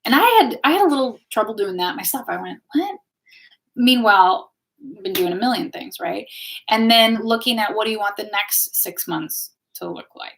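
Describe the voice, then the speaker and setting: A woman's voice: medium pitch, brisk. A woman hosts a spiritual live stream and talks casually to the people watching. Her tone is chatty and encouraging, like a teacher guiding a group. She keeps checking in with her audience as she goes. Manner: chatty, warm-hearted, keeps checking in with viewers ("okay?", "right?"). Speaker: host of a live astrology and tarot stream.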